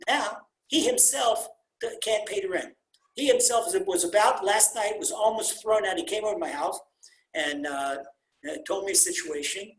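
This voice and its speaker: A rabbi teaching an informal Torah class on a video call, telling stories with animated, repeated emphasis and Hebrew terms mixed into his English. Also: high voice. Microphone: computer mic on a video call. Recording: roomy echo on a video call.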